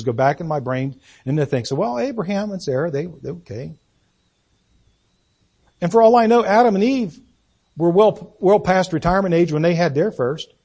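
Husky older man preaching a folksy sermon. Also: fairly high pitch, warm tone. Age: 60s. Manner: folksy, self-deprecating, halting restarts. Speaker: pastor.

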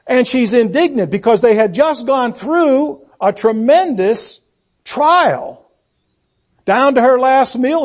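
A very high-pitched man preaches a sermon, posing rhetorical questions to the congregation and alternating between loud emphasis and hushed delivery.

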